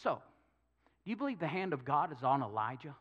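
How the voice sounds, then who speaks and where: A man's voice: fairly high pitch, very animated, brisk, muffled recording. A male pastor preaching a sermon, telling a Bible story with jokes and acted-out quotes. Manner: storytelling with humor, acting out quotes.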